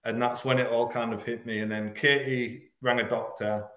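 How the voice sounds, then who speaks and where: A man from Hull, frankly telling a painful personal story as a podcast guest, halting at the hardest moments. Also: medium pitch, little pitch movement, fairly bright tone, roomy sound. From Hull, England. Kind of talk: candid personal storytelling in an interview.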